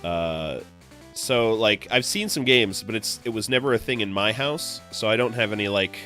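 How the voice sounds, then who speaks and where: A man from New England chatting casually while hosting a live game stream, laid-back and quick to chuckle. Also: fairly low pitch, pushed and bright, soft background music. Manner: laid-back, chuckles often, hesitant fillers. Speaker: streamer host playing a game.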